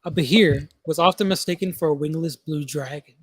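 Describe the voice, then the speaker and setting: A man's voice: a little high, brisk, a little hiss or hum. A man hosting a casual tabletop gaming podcast, reading monster lore aloud and stumbling over place names. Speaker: podcast host.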